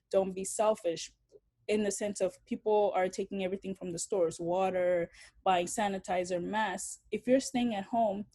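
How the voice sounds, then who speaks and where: A woman's voice: mid-range voice, warm tone. A young woman from Africa, speaking bluntly and swearing freely in a casual interview.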